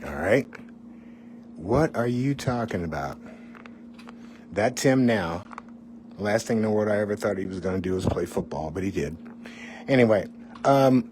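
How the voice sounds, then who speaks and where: A man's voice: fairly low pitch, warm tone, a little hiss or hum. A middle-aged man, a former TV weatherman, tells his own life story in a candid, conversational way, with asides to the listener. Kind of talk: personal storytelling.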